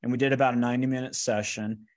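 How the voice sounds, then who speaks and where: A man telling stories in a lively motivational talk, acting out the lines of the people in them. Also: mid-range voice, racing. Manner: energetic, acts out quoted dialogue. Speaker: speaker giving a finance workshop. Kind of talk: animated motivational storytelling.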